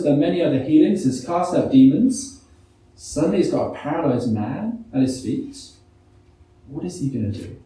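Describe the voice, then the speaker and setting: Captured from afar in a reverberant church hall, a man with a slightly high, dark-toned voice reads scripture during his sermon. He keeps posing rhetorical questions to the congregation.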